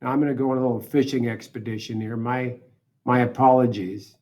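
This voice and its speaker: A man teaching a software lesson, talking through each step aloud in a casual way and correcting himself as he goes. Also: medium pitch, fairly even intonation, a little fast. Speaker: instructor. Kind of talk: screen-recorded software tutorial.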